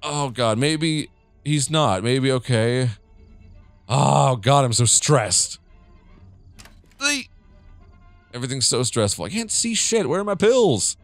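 A man's voice: medium pitch, lively intonation, a little slow, dry recording, faint music behind. A young man narrating his play of a horror game, jumpy and jokey, swearing often and talking to himself. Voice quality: jittery, jokey, swears a lot. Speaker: gaming streamer.

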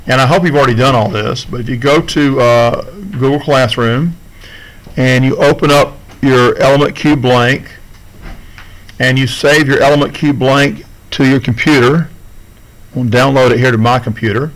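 A man's voice: mid-range voice, fairly even intonation, normal speed, a bit bright, poor audio. Casual male teacher walking through steps. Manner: casual, talks students through screen steps. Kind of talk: classroom video lesson.

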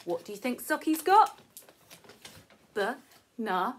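A woman's voice: on the high side, big pitch swings, slow pace, husky. A woman teacher giving a playful, sing-song lesson to young children.

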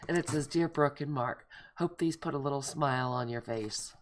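A middle-aged woman with a gravelly, creaky edge to her voice, talking casually to her viewers. She gushes and gets excited over each little thing she shows, with frequent oohs and delighted exclamations. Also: a bass voice, normal speed, slight background noise. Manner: gushing, excitable, lots of oohs and gasps. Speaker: craft vlogger. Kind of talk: casual show-and-tell chat.

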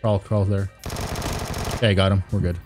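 A man streaming a shooter game, chatting casually, excitable, swearing and laughing a lot. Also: deep voice, normal speed, music in the background. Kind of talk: casual gaming chat.

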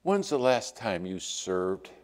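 Male preacher, lowish voice, storytelling sermon, long church reverb. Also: slow. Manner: storytelling with lively acted-out quotes. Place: church sanctuary.

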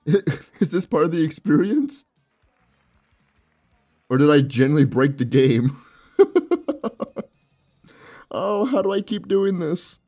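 A man's voice: fairly high pitch, animated, takes it slowly, pauses often, warm tone, faint music behind. Joking young man playing a game. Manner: playful, joking, laughs often, reads game text aloud. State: sore mouth. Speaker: gaming YouTuber. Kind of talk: let's play commentary.

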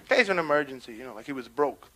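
A young man with a New York accent doing a stand-up comedy routine on a club stage, brash and quick to slip into character voices, on a 1970s live record with faint hiss. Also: mid-range voice, expressive, crowd noise.

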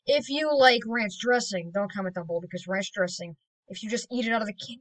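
A woman giving casual gameplay commentary as a video creator, rambling and excitable, with sudden loud exclamations. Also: medium pitch, brisk, poor audio.

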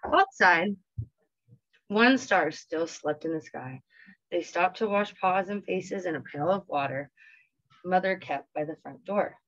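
A woman teacher reading a picture book aloud to children in a gentle, expressive storytelling way. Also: fairly low pitch, measured pace, highs cut off.

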